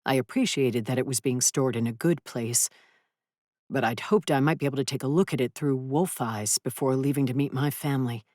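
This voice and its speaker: Woman, audiobook narrator, low voice, dry close sound, dramatic, intense in dialogue. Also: fairly quick, dark tone, no room sound. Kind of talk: first-person audiobook narration.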